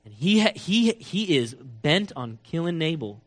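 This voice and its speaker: A man preaching a sermon, telling a story with lively acted-out quotes and big swings between soft and loud. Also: measured pace. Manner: animated storytelling, acts out quotes with big swings in pitch and loudness. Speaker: pastor.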